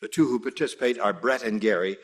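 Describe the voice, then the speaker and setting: A man hosting a game show, explaining the rules in a brisk, jokey way. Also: mid-range voice. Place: TV studio with audience. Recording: noisy studio with audience.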